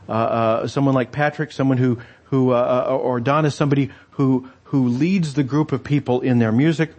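A man's voice: medium pitch, steady tone, moderate pace, hardly any pauses, a little mellow, lo-fi sound. A man preaching a conversational sermon, reading scripture aloud and explaining it with wry asides and frequent hesitations. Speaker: pastor.

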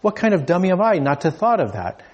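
A husky-voiced man preaching a sermon and putting on a sarcastic, exasperated Moses who scolds himself in mock disbelief. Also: high-pitched, big pitch swings, fast talker, voice pushed up, heavily acted.

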